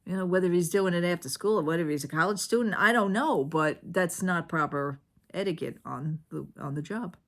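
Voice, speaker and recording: Woman, very low voice, casual home vlog, indignant storyteller, chatty retelling. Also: fairly quick. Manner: indignant, retells with repeated "I says". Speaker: vlogger. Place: at home, living room.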